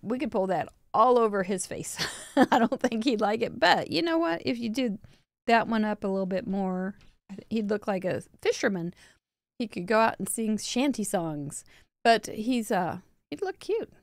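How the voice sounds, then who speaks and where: A woman's voice: mid-range voice, animated, moderate pace, no room sound. A woman chatting casually as host of a live crafting show, opening mail from viewers and laughing often. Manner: chatty, warm-hearted, laughs often, yawning from a long day.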